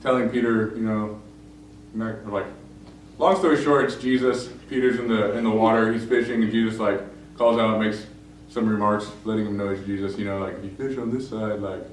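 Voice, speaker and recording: A man's voice: lowish voice, steady tone, normal speed. A young man preaching a casual sermon, telling a story with lots of fillers and acting out the quoted lines. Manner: conversational, many fillers, acts out quoted lines. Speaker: pastor. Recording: very echoey room, distant mic, faint noise.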